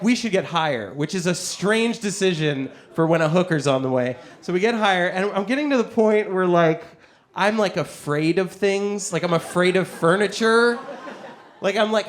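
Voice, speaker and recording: A young man doing stand-up, telling a story on stage, animated, jumping between quoted voices and laughing through his lines. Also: high voice, normal speed. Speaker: stand-up comedian. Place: comedy club stage with audience.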